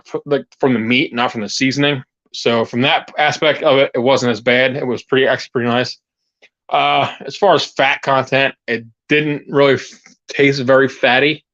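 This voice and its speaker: A man talks loosely to his viewers while working outside, often stopping to restart his sentences. His voice sits at a middling pitch and comes through a lapel mic. The sound is dry and a little dull, with a lo-fi edge. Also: steady tone, brisk, fairly bright tone, no echo. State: out of breath. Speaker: channel host. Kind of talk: casual live chat while gardening.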